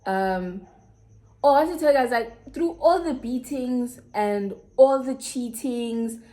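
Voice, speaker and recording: A woman's voice: medium pitch, mellow. Frank South African woman telling a story. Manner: frank, slangy, confiding. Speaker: YouTuber. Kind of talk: candid storytime chat.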